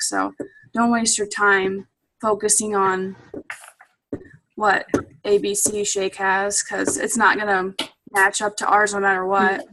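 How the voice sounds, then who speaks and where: A woman's voice: mid-range voice, level tone, measured pace, bright, forceful tone, rough recording. A woman coach with a mid-range voice, talking on a team call. She speaks in a loose, chatty way and keeps dropping "like" into her sentences.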